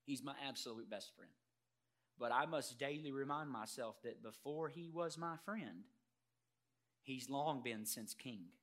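A man preaching a sermon as pastor, emphatic, swinging from loud declarations to quiet earnest asides and putting questions straight to the congregation. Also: medium pitch, a little slow. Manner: addresses congregation directly with rhetorical questions.

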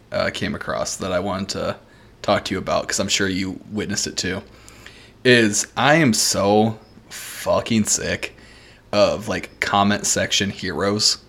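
A man's voice: low voice, a little slow, vocal fry, a bit bright. A man co-hosting a podcast in casual chat, who laughs often and acts out other people's voices. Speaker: podcast co-host.

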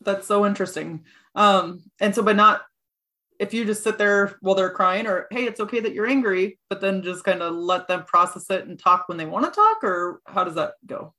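A woman's voice: mid-range voice, normal speed, sharp tone. A woman hosting an interview, asking curious follow-up questions. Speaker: interview host.

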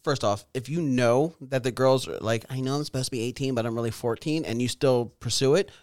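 A man co-hosting a podcast chats casually, laughing often and swearing freely. His medium-pitched voice is brisk with a darkish tone, recorded dry at studio quality.

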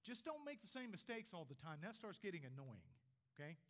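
Older preacher man, fairly high voice. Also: sing-song, brisk. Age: 60s. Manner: swings between emphatic rises and quiet, low drops on key words. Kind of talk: sermon. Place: church.

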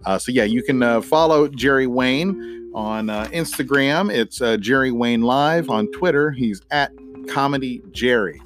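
A man's voice: medium pitch, measured pace. Middle-aged man, podcast host, casual rambling outro, filler-heavy, faint music underneath.

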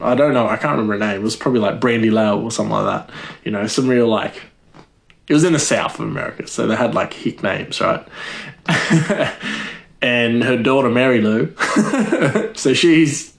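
Rambling, laughing man riffing casually. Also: mid-range voice. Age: adult. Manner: rambling, many fillers, laughs at own jokes. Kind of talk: rambling comedic monologue.

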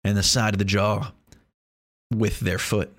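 A man's voice: on the low side, level tone, unhurried, a bit bright, no room sound. A young man talking in a casual, rambling monologue, joking and swearing freely.

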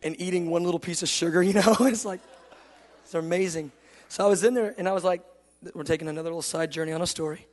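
A male preacher telling a humorous sermon story, animated and jokey, acting out the dialogue himself. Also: sits high, fast, in a large hall.

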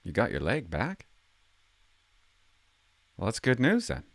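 A man's voice: on the low side, huge pitch swings, slow pace, creaky, no echo. An older retired man rambling casually to his camera, stumbling over words and swearing now and then. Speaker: retired vlogger playing hotline calls.

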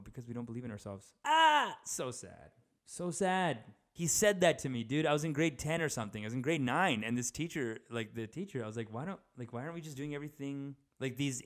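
Rambling self-mocking male comedian. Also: medium pitch. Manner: loose, self-mocking, rambling with many restarts. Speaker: comedian and podcast host. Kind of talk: rambling stand-up podcast chat.

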